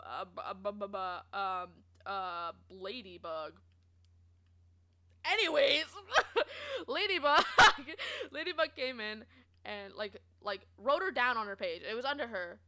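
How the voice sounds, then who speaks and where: High, lively young woman streamer. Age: young adult. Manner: animated and giggly, lots of fillers, quoting others in lively voices. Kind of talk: casual rambling storytime chat.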